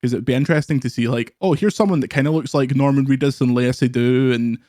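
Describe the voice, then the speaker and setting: A man's voice: mid-range voice, fast talker, dark tone, dry recording, clean studio sound. British man in casual rambling chat. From Britain. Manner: loose, rambling, laughs mid-sentence. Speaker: guest co-host.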